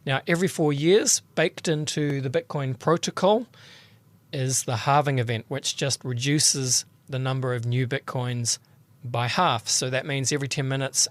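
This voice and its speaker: A man with a mid-range voice speaks as a podcast guest. He explains patiently and steadily, laying his points out one at a time. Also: medium pitch. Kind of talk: explanatory interview talk.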